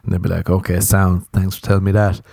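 A man's voice: sits low, completely flat delivery, fast, vocal fry, darkish tone, no room sound, studio quality. An Irish man in his thirties hosting a podcast, rambling through a sweary, self-mocking comic monologue. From Ireland. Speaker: podcast host. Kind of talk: casual comedic monologue.

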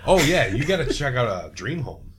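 A man hosting a casual podcast chat, laid-back and profane, who breaks into loud mock voices. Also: medium pitch, very animated, normal speed, noisy background. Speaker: podcast host.

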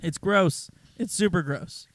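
A man's voice: high-pitched, slow, a bit bright. Sarcastic male movie-review co-host. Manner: sarcastic, exasperated, mocking voices when retelling scenes. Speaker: podcast co-host. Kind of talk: casual movie review chat.

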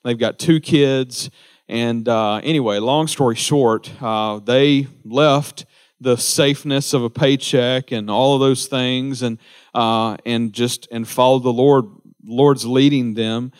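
A man's voice: medium pitch, fairly even intonation, takes it slowly, clean tone. A man, a pastor giving informal church announcements, rambling with many fillers and restarts.

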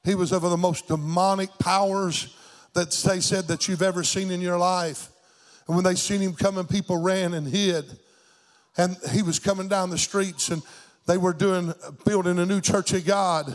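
A man's voice: high voice, fairly even intonation, normal speed. An older man preaching a fervent sermon, with a rhythmic, sing-song lilt.

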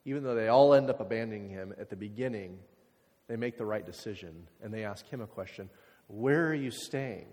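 A man preaching a sermon, talking casually with lots of fillers and sometimes dropping to quiet, reflective passages. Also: lowish voice, fast. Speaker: pastor. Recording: hall reverb.

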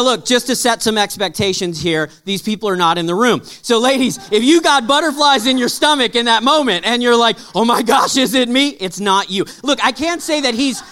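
High-voiced pastor preaching a lively sermon. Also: male voice, clean tone. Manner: lively, conversational preaching with jokes; drops to a soft, low voice for weighty points. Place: church auditorium with live audience.

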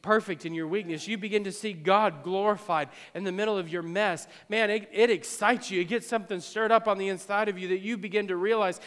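A male pastor preaching a sermon, repeating his phrases and swinging between hushed and loud passages. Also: sits high, fairly quick, few pauses, long reverb tail.

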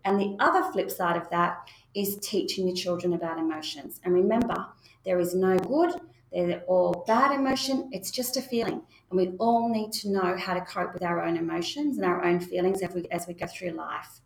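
A woman's voice: on the low side, moderate pace. A woman giving a spoken parenting lesson, talking straight to parents in a reassuring way. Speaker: parenting educator. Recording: echoey room.

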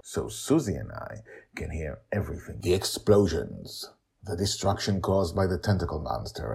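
A man hosting and narrating a serialized story podcast in an animated, playful way. His voice is deep and a bit husky, and his pitch swings widely as he tells the tale.

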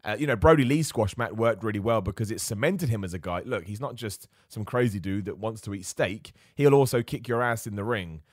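Excitable man, dry close sound. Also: lowish voice, fairly quick, few pauses, dry recording. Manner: enthusiastic, rambling, frequent restarts. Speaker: wrestling show host. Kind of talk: casual opinion commentary.

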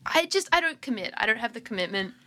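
A woman's voice: on the high side, very animated, fast, bright, forceful tone. A woman with an Australian accent, a guest on a podcast, chatting casually with dry, wry replies. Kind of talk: casual chat.

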